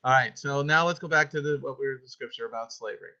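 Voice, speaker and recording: A teacher leads a homeschool lesson over a video call, calling on students one by one in a playful way. The voice is bright and forward. The call audio sounds dull and lo-fi. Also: mid-range voice, quick pace. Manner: playful, calls on students by name. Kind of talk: online homeschool class with scripture reading.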